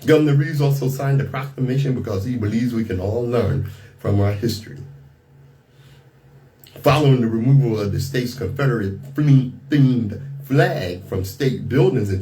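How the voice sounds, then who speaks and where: A male radio talk host delivering blunt, indignant commentary into a studio microphone at a middling pitch. He reads from the news, then breaks off to react in his own words, stumbling and repeating himself as he goes. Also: normal speed, dark tone, a little hiss or hum.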